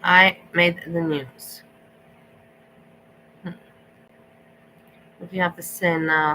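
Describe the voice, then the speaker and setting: A woman's voice: on the low side, level tone, takes it slowly, long pauses, pushed and bright, a little hiss or hum, rough recording. A woman hosting a casual livestream, greeting viewers and ranting in a chatty, mocking way. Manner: chatty, mocking, exasperated rants. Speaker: livestream host. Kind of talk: casual chat with live chat viewers.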